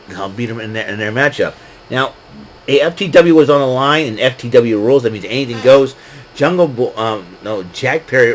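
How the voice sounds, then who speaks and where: A man's voice: mid-range voice, a little hiss or hum, low-quality recording. A man casually recapping a wrestling show, rambling with lots of fillers and frequent laughs. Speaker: podcast host recapping wrestling.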